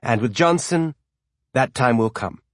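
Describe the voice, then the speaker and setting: A man's voice: mid-range voice, lively intonation, no room sound, clean studio sound, lightly acted. A man voicing a resolute, pragmatic woman ship captain who speaks firmly and plainly. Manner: firm, measured, plain-spoken.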